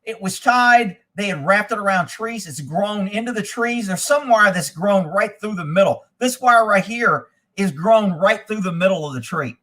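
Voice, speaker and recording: A man hosting a live show, telling a long profane story in a casual, animated way and quoting the people involved. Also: high-pitched, normal speed, few pauses. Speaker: host.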